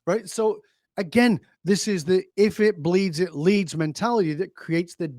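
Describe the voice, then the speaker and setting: A man's voice: high voice, a little mellow, dry recording, studio quality. A man being interviewed as a leadership speaker, talking emphatically, telling stories and asking rhetorical questions. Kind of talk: conversational interview.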